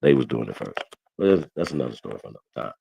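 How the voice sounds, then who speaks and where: A man with a very low voice runs a livestream roast, ranting and cursing. He repeats himself constantly, his volume rising and falling as he gets worked up. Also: very animated, racing, gravelly, lo-fi sound, slight background noise. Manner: loud, ranting, repeats himself, swears a lot. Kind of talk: heated profane livestream rant.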